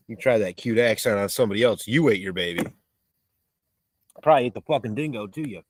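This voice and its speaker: This male livestreamer speaks on the low side and quickly, yet leaves long pauses. Cooking outdoors in a rural spot, he rambles, swears and reads viewers' chat messages aloud, captured in a rough recording with slight background noise.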